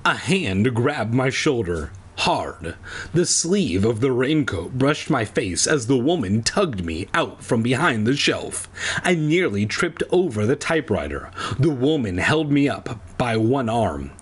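A man's voice: medium pitch, very animated, measured pace, breathy edge. A man reading a children's book aloud and breaking off for wry, crude jokes. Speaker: reader.

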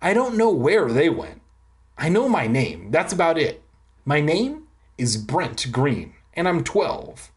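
A reader voicing a friendly, lonely invisible twelve-year-old boy who talks in a quick, easygoing way. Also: medium pitch, sing-song. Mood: wistful. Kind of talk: audiobook reading.

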